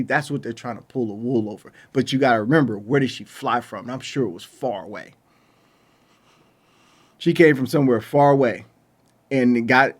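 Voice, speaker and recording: A man giving a casual spoken film review, exasperated and ranting, with loose colloquial phrasing and frequent restarts. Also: mid-range voice. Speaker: movie reviewer.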